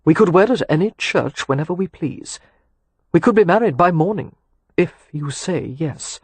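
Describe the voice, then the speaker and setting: A man reading the part of a teasing, ardent young gentleman in an audiobook romance, speaking wryly and earnestly. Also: fairly high pitch, animated, moderate pace, breathy edge, no echo.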